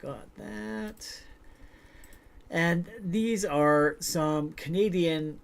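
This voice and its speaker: A man's voice: a little high, drawn-out words, gravelly. A man hosting a livestream, reading short stories aloud and then chatting loosely with filler words. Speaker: livestream host. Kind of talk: casual livestream storytelling.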